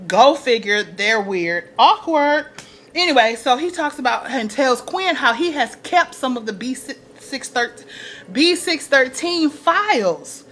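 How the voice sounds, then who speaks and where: A woman recapping a TV episode in casual chat, acting out quotes and laughing often. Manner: animated, acts out quotes in a higher voice, laughs often. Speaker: TV recap vlogger.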